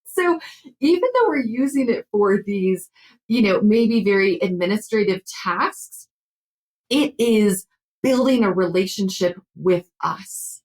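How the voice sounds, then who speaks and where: A woman counselor being interviewed, explaining her view in a warm conversational way with frequent fillers. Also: medium pitch, lively intonation, takes it slowly, rough recording. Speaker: guest counselor.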